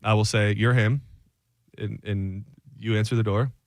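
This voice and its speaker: A man's voice: on the low side, steady tone, normal speed, no echo. A man hosting a talk radio show, chatting casually with his co-host in a self-mocking, rambling way full of restarts.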